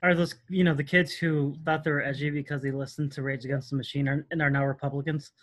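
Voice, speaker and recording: A man's voice: fairly high pitch, flat delivery, fast talker, fairly bright tone. A man co-hosting a wrestling podcast, trading wry jokes in casual chat. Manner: wry, joking asides. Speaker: podcast co-host.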